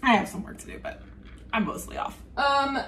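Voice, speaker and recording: A woman's voice: high voice, brisk, fairly bright tone, a little hiss or hum. A woman in her thirties with a Southern US accent, chatting casually in her home kitchen for a cooking vlog, rambling with lots of ums. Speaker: cooking vlogger.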